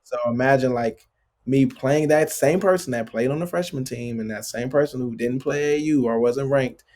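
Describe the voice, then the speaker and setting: A man's voice: medium pitch, moderate pace. A man in his late thirties, a basketball player as interview guest, telling stories loosely with lots of filler words. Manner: loose and filler-heavy, constant "like" and "bro", animated retelling. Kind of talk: casual storytelling interview.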